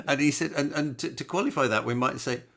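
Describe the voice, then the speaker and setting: A man hosts a radio music show from a studio. His speech is chatty and brisk, and his pitch sits in a middle range. He laughs easily while he talks. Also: gravelly, a bit bright. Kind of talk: singing, then casual chat. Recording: acoustic guitar under the song.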